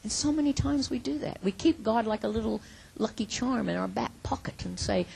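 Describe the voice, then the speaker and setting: Woman preaching, kinda raspy and breathy, earnest, acts out little prayers. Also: fairly high pitch, animated, fairly quick, low-quality recording. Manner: earnest, emphatic, quotes imagined prayers, swings from loud to hushed. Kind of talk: sermon.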